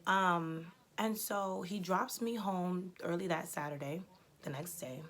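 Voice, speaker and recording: A woman's voice: lowish voice, unhurried, fairly bright tone. A woman in her twenties telling a personal story in a casual, blunt, chatty way, swearing freely. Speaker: storytelling vlogger.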